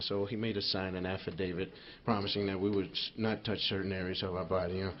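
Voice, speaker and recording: A man telling stand-up stories live in a rambling, animated way, full of "you know". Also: low voice, fast, a little hiss or hum. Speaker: stand-up comedian. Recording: dull live album with crowd laughter. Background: audience laughter.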